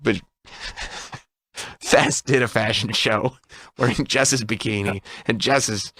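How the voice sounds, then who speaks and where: Bright-voiced man telling a studio story. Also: medium pitch, slow, no echo. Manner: storytelling, animated, laughs often. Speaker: radio co-host. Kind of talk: casual radio banter. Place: radio studio.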